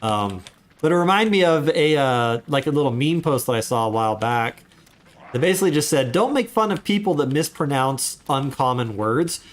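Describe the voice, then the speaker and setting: A man's voice: mid-range voice, lively intonation, normal speed. A man chatting casually while he livestreams a game, rambling into asides as he plays. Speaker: gaming streamer.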